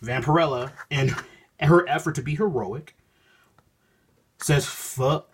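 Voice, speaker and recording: A man with a husky, slightly breathy voice talks through a comic issue in a loose, rambling way. He paraphrases the dialogue and stops himself mid-thought. He records on a phone. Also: fairly high pitch, animated, slow, a little mellow. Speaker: comic book reviewer. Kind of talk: casual spoken review, reading panels aloud.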